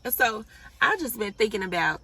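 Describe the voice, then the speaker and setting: A young woman vlogger telling a storytime in a casual, animated and profane way. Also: medium pitch, fairly quick, recorded from a distance, slight background noise. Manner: animated, blunt and profane, laughs at her own story.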